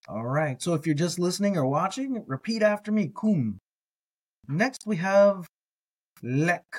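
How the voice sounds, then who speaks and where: A man teaching a reading lesson, patiently repeating each word slowly for listeners to echo. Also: fairly high pitch. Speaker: language teacher.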